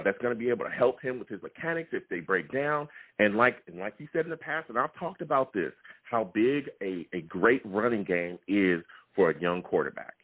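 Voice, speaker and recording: A man hosting a live sports call-in show, animated and laughing often. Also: mid-range voice, breathy edge. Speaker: podcast host taking callers. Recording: tinny phone-line sound.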